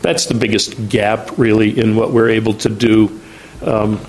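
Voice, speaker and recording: A man's voice: fairly low pitch, flat delivery, measured pace, a little mellow, slight background noise, low-quality recording. A man presenting updates at a meeting, talking with frequent ums and restarts. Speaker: agency outreach staff presenting at a meeting. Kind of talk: meeting briefing.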